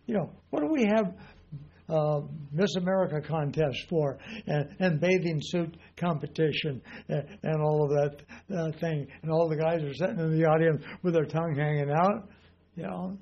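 A man's voice: fairly high pitch, normal speed, lo-fi sound. An older man preaching a conversational sermon in a folksy, rambling way, full of "you know" asides.

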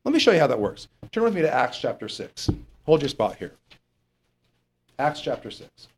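With a mid-range, breathy-edged voice and big swings in pitch, a male pastor speaks at a normal speed. His sermon is loose and conversational, full of jokes and tangents as he reads scripture, sometimes losing his place while stressing what matters most.

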